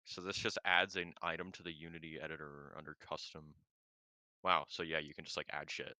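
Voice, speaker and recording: A man's voice: a bass voice, level tone, a little fast, pushed and bright, no echo. A young man in casual chat about game code, puzzling it out aloud and reading out answers. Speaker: game developer. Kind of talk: casual chat while coding.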